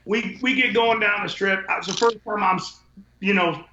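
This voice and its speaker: High-voiced and sharp-toned, a man who runs a window cleaning business rambles through casual stories at a moderate pace as a podcast guest. He's blunt and profane, drifting from one point to the next, on an echoey, dull lo-fi recording.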